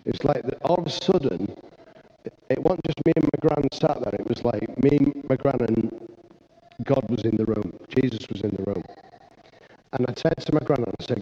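Man preaching, mellow tone, excitable, lo-fi recording. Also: mid-range voice, normal speed. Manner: earnest, excitable storytelling with frequent restarts. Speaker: pastor. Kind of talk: sermon.

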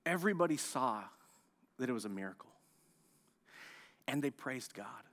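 A male pastor from the United States preaching a sermon, telling the story with animated, acted-out outbursts. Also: medium pitch, normal speed. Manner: animated storytelling, acts out scenes, loud excited outbursts.

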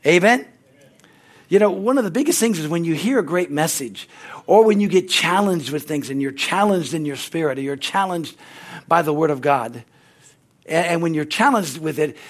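A male pastor preaching a sermon with lots of energy, often calling out "Amen?" and restarting his sentences. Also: a little high. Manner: restarts and repeated words.

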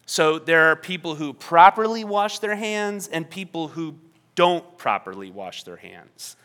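A male pastor delivers a sermon in a chatty, emphatic way, breaking off now and then for playful asides. His voice sits a little high and sounds bright and forward.

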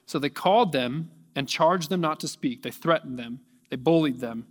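Animated preaching man in a big hall. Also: fairly high pitch, normal speed, few pauses. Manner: animated preaching, rising to near shouting at peaks. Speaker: pastor. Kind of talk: sermon.

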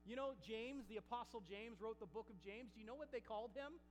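A man's voice: very high voice, fairly quick, big-room sound, a little hiss or hum, low-quality recording. A male pastor preaching a sermon, emphatic and full of call-outs to the congregation.

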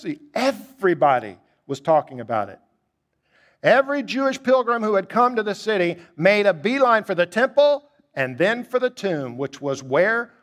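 His sermon swings between heights and hushes: this man climbs in pitch to stress key points, drops quiet and low to reflect, and leans on rhetorical questions throughout.

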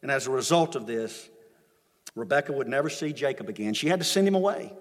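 A man's voice: mid-range voice, animated, brisk. A man preaching a sermon as a pastor, retelling the story with emphatic repetition, recorded in a church sanctuary with long reverb.

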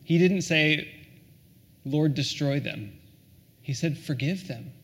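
A man preaching a sermon, earnest and questioning, often dropping to a soft hush on key lines. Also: on the high side, slow pace, vocal fry. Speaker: pastor.

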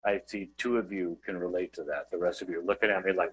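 A middle-aged man preaching a sermon in a conversational, self-deprecating way with quick asides. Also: deep voice, fairly even intonation, fairly bright tone, husky, rough recording. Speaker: guest preacher.

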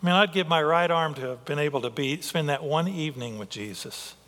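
A male pastor delivers a sermon in a high, bright voice. He is earnest and thinks aloud, often stopping to restart a sentence. The sound carries a long reverb, as in a large hall. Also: fairly quick. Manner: earnest, with frequent restarts and filler.

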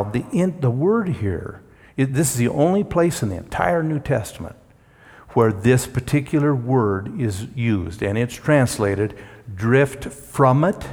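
Slow, emphatic preacher in a reverberant hall. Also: male voice, medium pitch. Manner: slow, emphatic delivery with dramatic swells and quiet drops. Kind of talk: sermon.

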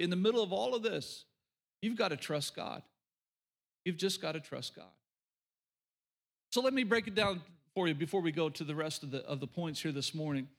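A man's voice: sits high, fairly bright tone. A middle-aged man from rural Oklahoma preaching a sermon, emphatic and folksy, repeating his key lines for the congregation. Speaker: pastor.

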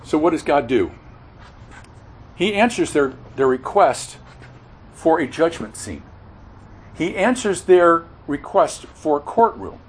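A man preaching an expository sermon, earnest and halting, often repeating words and correcting himself mid-sentence. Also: fairly high pitch, sing-song, slight background noise, low-quality recording. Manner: earnest expository teaching, stresses key words.

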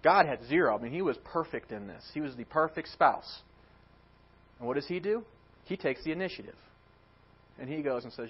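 A man preaching a sermon as pastor, animated, acting out quotes. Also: medium pitch, brisk, long pauses, breathy edge, muffled recording.

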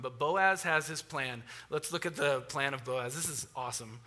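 A pastor delivering a sermon, retelling a story in a lively, conversational way with asides to the congregation. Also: male voice, medium pitch, normal speed, hardly any pauses.

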